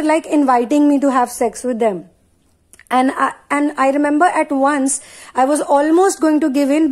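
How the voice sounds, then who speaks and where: Speaking in emphatic, repetitive affirmations, broken up by casual asides and frequent fillers, a woman leads a spiritual channeling talk. Her voice is high with a darkish tone.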